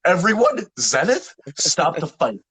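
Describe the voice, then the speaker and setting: A young man co-hosting a podcast, telling a story in casual banter, animated and swearing, acting out the people in it. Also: a little high, measured pace, breathy edge, no room sound. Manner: animated, swears a lot, acts out voices in anecdotes. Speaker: podcast co-host.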